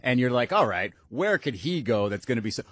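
A man co-hosting a sports talk show, animated and acting out reactions. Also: mid-range voice, a little fast, slightly rough, no echo, clean studio sound. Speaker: sports radio co-host.

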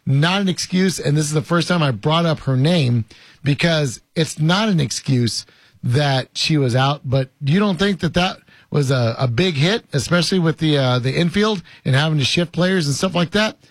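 A man talks sports in a casual, conversational way, full of "uh"s and emphatic repeats. His voice sits a little high, and the recording is dry and close. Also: lively intonation, normal speed, no echo. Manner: conversational, many fillers, emphatic repetition. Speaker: sports talk host. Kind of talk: casual sports radio chat.

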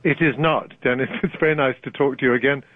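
A man's voice: medium pitch, fairly even intonation, fast talker, dry recording. An older British man with a British accent, a guest author talking articulately and wryly in a radio interview, laughing easily. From Britain. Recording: tinny dry phone line.

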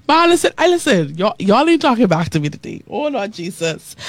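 A woman radio host preaching to listeners in a lively, repetitive style, reading out their texted comments. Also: medium pitch, normal speed, few pauses, no room sound. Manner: animated preacherly delivery, repeating phrases, reading comments aloud. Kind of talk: preaching talk show with listener texts.

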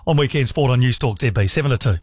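A man's voice: mid-range voice, fast, a little mellow, husky, no room sound, clean studio sound. A man hosting a weekend sports radio show in an easygoing, jokey way. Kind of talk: casual radio chat.

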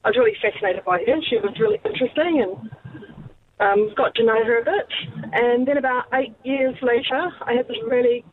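A woman's voice: on the high side, fairly quick, breathy edge. A woman with a New Zealand accent, a caller enthusiastically telling a story on radio. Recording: noisy phone line.

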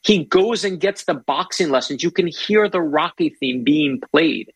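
A man's voice: fairly high pitch, expressive, unhurried, husky, no echo, low-quality recording. A man talking about history as an author guest in a casual interview, eager and storytelling, often restarting his sentences.

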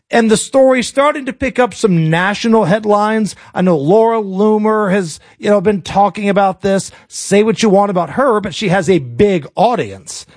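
A man's voice: sits high, no room sound. A male talk radio host ranting about politics in a sarcastic, colloquial, joking way. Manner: sarcastic, colloquial, jokey rants.

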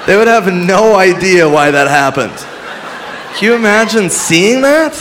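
A man doing stand-up with dark, deadpan jokes and sudden shouted bits. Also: high voice, measured pace, slight background noise. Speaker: stand-up comedian. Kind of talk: stand-up comedy. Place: comedy club stage with live audience. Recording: live club recording with crowd.

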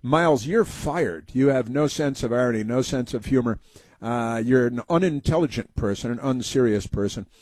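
A man's voice: mid-range voice, moderate pace, darkish tone, no echo. A man hosting a talk radio show, delivering sarcastic, mocking commentary full of "uh" fillers.

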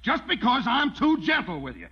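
A man's voice: very high voice, huge pitch swings, moderate pace, sharp tone, slightly rough, heavily acted. A man playing a hot-tempered, broke rancher in an old film, blustering. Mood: ranting. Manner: blustering, ranting, mock-pathetic. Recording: dull old film soundtrack.

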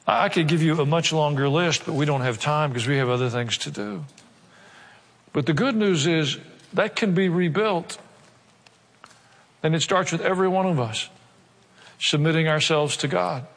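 A pastor's voice rings through a church sanctuary, its long reverb trailing every phrase. A man with a fairly high voice preaches earnestly, putting rhetorical questions to the congregation and slowing down when a point matters. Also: fairly bright tone. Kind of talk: sermon.

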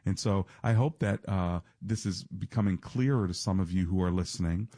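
Deep gravelly man hosting radio. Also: moderate pace, dark tone, no room sound, studio quality. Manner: earnest, preacherly, reads scripture with emphasis. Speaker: radio talk show host and pastor. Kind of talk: radio call-in show with preaching. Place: radio studio. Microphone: studio microphone.

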